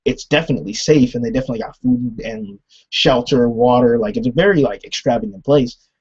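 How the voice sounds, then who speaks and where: A young man recapping a TV episode in a rambling, animated way, laughing often and saying "like" a lot. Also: medium pitch, fairly quick, vocal fry, husky, highs cut off. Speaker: TV episode reviewer. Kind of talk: casual recap and commentary.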